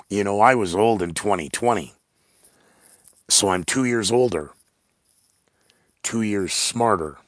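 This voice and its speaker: A man's voice: on the low side, takes it slowly, pauses often, no room sound. A man hosting his own podcast, talking in a rambling, blunt monologue full of sarcastic asides. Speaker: podcast host.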